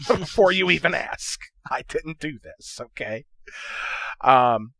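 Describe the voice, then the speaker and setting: A man's voice: fairly high pitch, lively intonation, slow, a bit bright, no room sound. A man hosting a gaming channel who walks through audio editing in a casual, chatty tutorial and keeps checking in with the viewer. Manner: loose and chatty, checks in with "okay?" and "right?". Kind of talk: casual screen-recorded tutorial.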